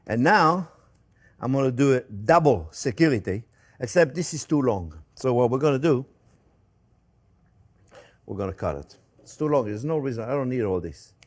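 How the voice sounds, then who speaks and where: Older french guy cooking on camera, chatty, pokes fun at himself, voice bounces all over. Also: medium pitch. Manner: chatty, animated, self-mocking asides with chuckles. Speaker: cooking show host. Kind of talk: cooking demonstration.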